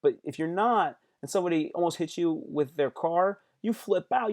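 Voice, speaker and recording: A man talks straight to his live-stream viewers in a casual, motivational way. His voice sits slightly higher than most men's. He leans on slang, repeats phrases, and acts out angry outbursts as examples. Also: animated, moderate pace, few pauses, darkish tone.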